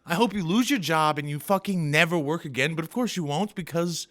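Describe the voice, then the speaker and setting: A man's voice: on the high side, fairly quick, fairly bright tone. A man doing an angry, profane, sarcastic comedy rant as a vlogger.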